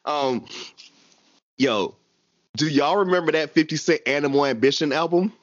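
Animated slangy man, slightly high voice. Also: normal speed, no echo, highs cut off. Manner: animated, slangy, laughs often. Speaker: podcast co-host. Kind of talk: casual wrestling chat.

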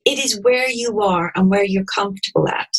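A woman explaining a tapping technique step by step, in a gentle and calm manner. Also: medium pitch, normal speed, poor audio. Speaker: EFT practitioner guest. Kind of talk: guided instruction in an interview.

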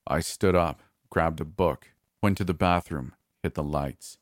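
Very deep-voiced male horror narrator. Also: no echo, studio quality. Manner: measured, calm first-person telling. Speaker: storyteller.

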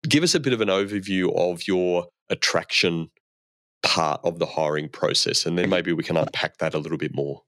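Brief: low-voiced man as podcast host, loose rambling questions, very dry sound. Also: moderate pace, a bit bright, dry recording. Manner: rambling, many restarts as he frames questions. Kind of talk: conversational podcast interview.

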